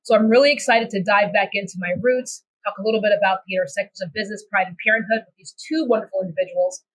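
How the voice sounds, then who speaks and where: A woman's voice: medium pitch, fairly even intonation, fast talker, low-quality recording. A woman with a Texan accent hosting a podcast, moving from a scripted welcome to upbeat, chatty conversation. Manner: upbeat, chatty, trails into restarts. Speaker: podcast host. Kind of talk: hosting a podcast, scripted intro then casual chat.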